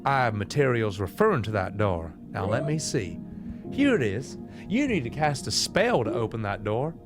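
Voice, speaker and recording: A man's voice: medium pitch, big pitch swings, normal speed, lightly acted. A man voicing a genteel, bookish male scholar who explains things in a drawling manner, with game music behind him.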